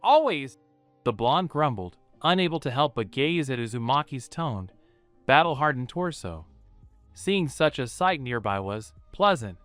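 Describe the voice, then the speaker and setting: A man narrating a fan fiction story in an even storytelling read. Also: mid-range voice, moderate pace, clean tone, no room sound, soft background music.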